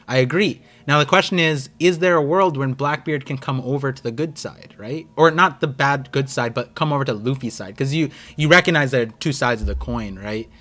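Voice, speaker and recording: A young American man hosting a live stream, chatting casually and excitedly with his viewers. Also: medium pitch, fairly quick, hardly any pauses. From United States. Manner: rambling, excitable, talks to chat. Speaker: streamer host.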